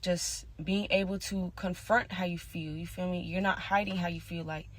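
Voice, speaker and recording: A woman talking in a casual confessional monologue, rambling and slangy with constant fillers, drifting between soft mutters and louder bursts. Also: lowish voice, fairly even intonation, moderate pace. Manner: rambling, slangy, many "like" and "you feel me". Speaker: vlogger.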